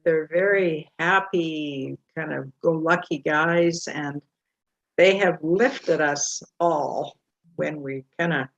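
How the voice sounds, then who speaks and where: An older woman chatting on a church video call, warm and unhurried. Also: sits low, lo-fi sound. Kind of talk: casual chat.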